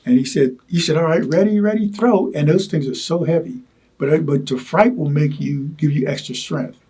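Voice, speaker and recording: An older man recalling his wartime experiences in an oral history interview, talking haltingly with many repeated words and asides. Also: a little high, fairly even intonation, a little mellow, husky. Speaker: Vietnam veteran interviewee.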